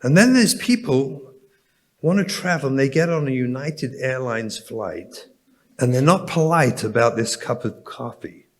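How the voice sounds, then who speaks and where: A man's voice: medium pitch, animated, measured pace. An English man, a rabbi, delivering a storytelling keynote address and speaking directly to the audience. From England.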